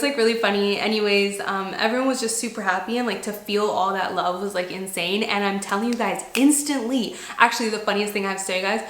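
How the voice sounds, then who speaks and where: A woman in her twenties telling a story to camera in a chatty, animated way, full of "like". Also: mid-range voice. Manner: chatty, animated, heavy use of "like". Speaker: lifestyle vlogger. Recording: echoey room.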